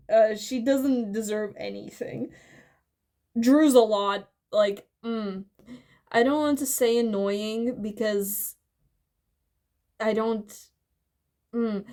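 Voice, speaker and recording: A woman muses aloud in casual commentary, her voice sitting a little high. She speaks slowly and loosely, circling back with fillers and restarts and tossing in the odd blunt swear. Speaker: video essayist.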